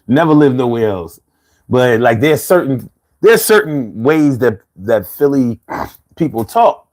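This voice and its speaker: A man's voice: mid-range voice, animated, unhurried, a little mellow. A man in his fifties from Philadelphia with a Philly accent, hosting a laid-back live chat, reading out comments and laughing often. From Philadelphia, USA. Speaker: livestream host.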